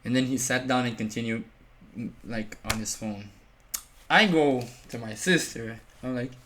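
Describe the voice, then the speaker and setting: Over background music, a man in a mid-range voice narrates a personal story at a measured pace for his storytime vlog. Expect plenty of "like" as filler and acted-out quotes from other people, all delivered in an animated way.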